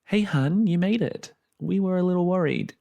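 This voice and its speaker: A man's voice: high voice, moderate pace, gravelly, dark tone, voice pushed up. A man voicing a friendly young woman in a fantasy story reading, speaking chirpily and affectionately, well above his own voice.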